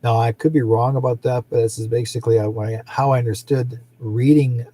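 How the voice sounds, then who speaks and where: A man's voice: medium pitch, steady tone, a little fast, mellow, slight background noise. A middle-aged man hosting a psychic show, talking in a rambling, casual way and often laughing. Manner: rambling, chatty, laughs often, acts out quoted people. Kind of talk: casual livestream chat.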